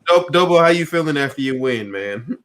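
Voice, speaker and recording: A man's voice: on the high side, animated, a little fast. A man hosting an online tech debate stream, casual and laid-back, laughing often as he wraps up. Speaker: host and promoter of online tech debate show. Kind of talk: casual livestream chat. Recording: faint background noise with clicks.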